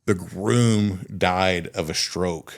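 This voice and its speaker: A Texan man with a fairly low voice hosts a loose, casual podcast conversation. He tells stories with energy, swears freely and acts out the people in them. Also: very slow, creaky. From Texas. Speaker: podcast host. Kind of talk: casual storytelling chat.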